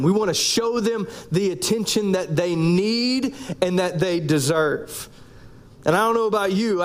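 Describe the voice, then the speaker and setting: A man, preaching a sermon in a conversational, joking way, with pauses between phrases. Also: sits high. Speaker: pastor.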